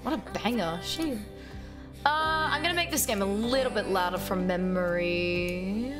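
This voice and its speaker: A woman with a mid-range voice streams a game live, chatting casually at an unhurried pace. She swears freely and sings along in bursts, with music playing under her voice.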